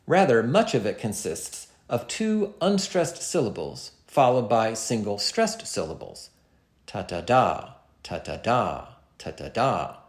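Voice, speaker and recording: Male lecturer, measured scripted delivery with animated pitch, recorded in an echoey room. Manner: measured, expressive reading with dramatic poetry recitals. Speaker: literature lecturer.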